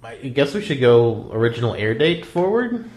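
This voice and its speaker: A man's voice: medium pitch, sing-song, moderate pace, a little mellow. A man with a mid-range voice hosts a casual podcast conversation. He drops short, joking asides into the talk. His delivery stays conversational and easygoing. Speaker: podcast host. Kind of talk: casual chat.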